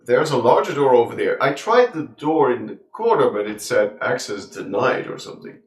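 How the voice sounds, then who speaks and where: A man playing a tabletop game, talking hesitantly with many pauses and ums. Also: mid-range voice, sing-song. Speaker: player. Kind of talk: tabletop role-play. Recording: echoey room, far from mic.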